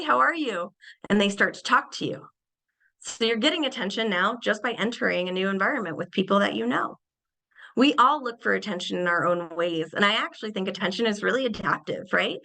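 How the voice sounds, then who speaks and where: A young adult woman presenting a webinar lecture on behavior, animated and acting out little everyday scenes in changed voices. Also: mid-range voice, creaky, low-quality recording.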